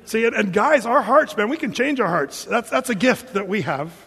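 A man preaching to a congregation of men, animated and emphatic, stumbling over and repeating his words as he pushes a point. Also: high-pitched, moderate pace, slightly rough, big-room sound. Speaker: pastor and marriage counselor. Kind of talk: sermon.

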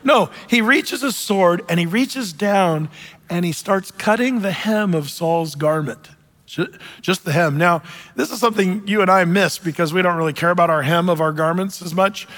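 Animated male preacher in echoing hall. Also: sits high, normal speed. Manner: animated storyteller, jokey asides. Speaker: pastor. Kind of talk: sermon. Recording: long hall reverb.

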